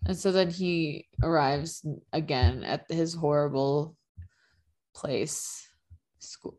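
This is a woman chatting casually as a podcast co-host, her voice sitting a little low. She talks loosely, full of fillers and easy laughs, as she walks through a TV episode. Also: takes it slowly, a little mellow. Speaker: podcast co-host recapping a TV drama. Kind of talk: casual chat.

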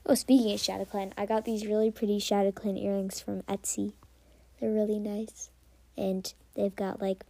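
A woman's voice: medium pitch, vocal fry, warm tone, no echo. A young woman hosting a solo podcast, rambling casually with lots of fillers and some whispered asides. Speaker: podcast host. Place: quiet room at home.

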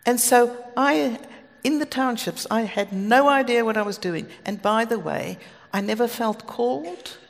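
A woman's voice: a little high, unhurried. A South African woman preaching a sermon, telling stories earnestly with asides. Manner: earnest, storytelling, with asides and light laughs. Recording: long hall reverb.

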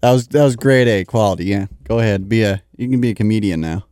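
A man's voice: on the low side, fast, mellow, smooth, dry recording. A man in his twenties bantering as a co-host on a morning radio show, with dry, teasing remarks. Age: 20s. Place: radio station studio.

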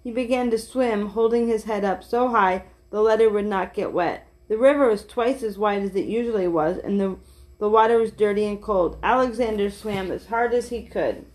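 A woman reading a children's picture book aloud in a gentle, steady way, with small slips and restarts. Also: medium pitch, normal speed.

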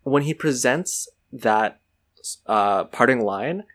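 A man's voice: mid-range voice, lively intonation, slow pace, fairly bright tone. A young man co-hosting a podcast in casual chat, rambling and cutting himself off with playful asides. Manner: rambling, self-interrupting, playful. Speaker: podcast co-host.

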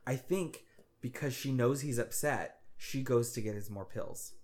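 A woman's voice: rumbling low, measured pace, darkish tone. A woman in casual chat, adding plot details and finishing her co-host's sentences while discussing a film.

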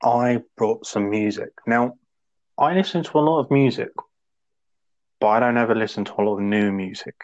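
A man co-hosting a podcast, rambling casually and acting out quotes in sudden high voices. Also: moderate pace, lo-fi sound. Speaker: podcast co-host. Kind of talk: casual chat.

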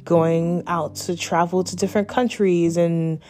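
A woman's voice: on the low side, steady tone, a little slow, a little mellow. A woman in her twenties telling a personal story in a candid, chatty way, full of "like" and the odd swear word. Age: 20s. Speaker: vlogger. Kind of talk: casual storytime.

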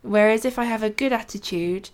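A woman's voice: on the high side, a little fast, darkish tone. A woman co-hosting a casual faith-based podcast. She talks in a chatty, storytelling way and laughs readily. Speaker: podcast co-host.

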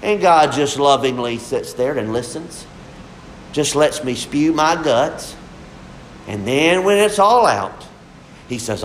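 Casting: young male preacher, high voice, fervent and unhurried delivery. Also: animated, slight background noise. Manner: fervent, drawn-out preaching with shifts between soft and emphatic. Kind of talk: sermon.

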